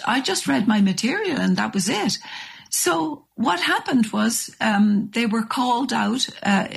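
An older Irish woman telling a story with lively, animated delivery in a radio interview. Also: medium pitch, vocal fry, husky. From Ireland. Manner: animated storyteller, restarts and acts out voices. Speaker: guest.

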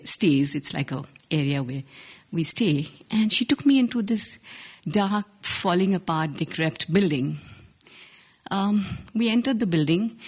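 Indian woman in her 40s, husky voice, earnest measured storytelling live on stage. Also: on the low side. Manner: earnest, measured, with small restarts. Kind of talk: live first-person storytelling. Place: stage before a live audience.

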